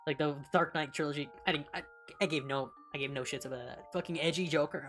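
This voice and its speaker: Young woman, streamer, low voice, casual chat, blunt, profane, laughs a lot, faint background music. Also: fairly even intonation, fast, fairly bright tone. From California, United States. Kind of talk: casual chat while reading along.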